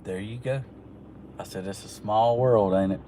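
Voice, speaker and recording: Southern georgia guy rambling from his car, easygoing drawl, road noise loud behind him. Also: on the low side, moderate pace. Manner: laid-back, chuckling, drawling country talk. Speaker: vlogger. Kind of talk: rambling casual storytelling. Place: in a car while driving.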